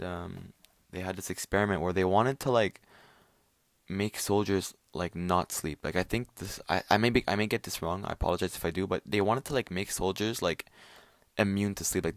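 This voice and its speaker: A man's voice: low-pitched, normal speed, no echo. A young man in his late teens talking alone at home late at night, rambling and swearing, full of fillers and restarts. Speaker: vlogger. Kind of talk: rambling casual monologue.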